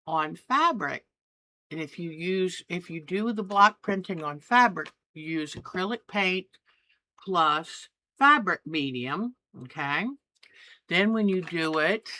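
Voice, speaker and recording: A woman hosting a home crafting tutorial, talking in a slow, unhurried way. Her voice is somewhat low yet bright and forward. She chats eagerly, often breaking off one thought to start the next. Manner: chatty, eager, trails off mid-sentence. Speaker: craft channel host.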